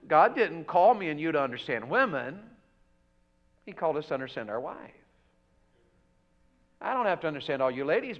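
A man preaching a revival sermon in church, swinging between loud emphatic exhortation and soft joking asides. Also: a little high, dull audio. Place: church sanctuary.

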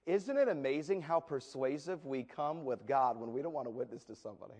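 A male preacher telling a story in a sermon, animated and often repeating words as he goes. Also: mid-range voice, brisk. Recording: echoey hall with long reverb.

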